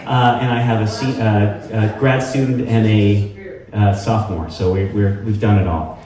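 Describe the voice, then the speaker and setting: A man's voice: fairly low pitch, fairly even intonation, measured pace, recorded from a distance, a crowd in the background. Middle-aged man telling a story in an echoey hall. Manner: rambling, filler-heavy, self-deprecating humor. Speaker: storytelling show host. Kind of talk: live personal storytelling. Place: live venue with audience. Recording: echoey room heard from afar, faint noise.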